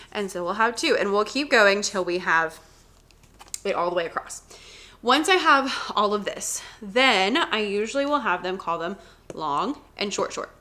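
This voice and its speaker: A woman's voice: medium pitch, brisk. A woman, chatting casually as an elementary music teacher and acting out her classroom exchanges. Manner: chatty, animated, acts out classroom exchanges in a sing-song voice.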